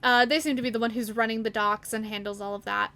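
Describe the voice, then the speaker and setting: A woman narrating a tabletop game as game master, laughing as she goes and pausing often. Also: fairly high pitch, steady tone, sharp tone.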